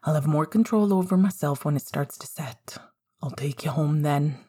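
A woman voicing a young man who is struggling against a wolfish pull, in a low, rumbling murmur. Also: moderate pace, dark tone, breathy edge. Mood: brooding. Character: young man fighting his inner wolf.

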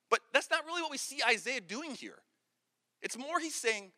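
High-voiced man preaching in a hall. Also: moderate pace. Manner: earnest storytelling, repeats words when excited. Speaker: pastor. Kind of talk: sermon. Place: large hall with an audience. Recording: long hall reverb.

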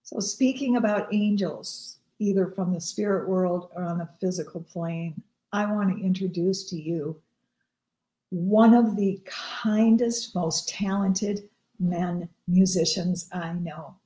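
A woman's voice: fairly low pitch, takes it slowly, warm tone. A woman minister and show host telling a personal story in a tender, earnest way. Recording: roomy echo.

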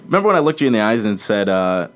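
A man's voice: on the low side, sing-song, racing. A young man hosting a casual sports podcast, teasing his co-host and laughing often as he runs through game picks.

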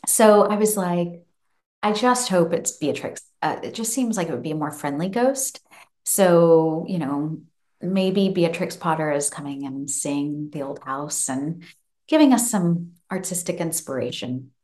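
A woman in her thirties hosting a podcast, telling a home ghost story in a lively, casual way from her office. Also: low-pitched, unhurried. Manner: animated, acts out the child's voice with laughs. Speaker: podcast host.

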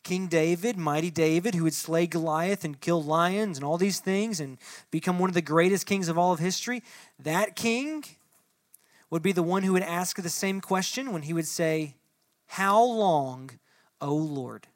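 A young man preaching a sermon to a congregation, talking to the room directly and rising from soft, low speech to loud, impassioned reading. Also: unhurried, no room sound, studio quality. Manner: addresses the room directly, conversational asides. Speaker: pastor. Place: church hall before a congregation.

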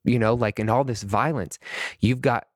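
A man's voice: medium pitch, steady tone, moderate pace, dry recording, clean studio sound. A man hosting a podcast, talking in a heated, rambling way with many restarts. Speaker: podcast host. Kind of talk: casual podcast monologue.

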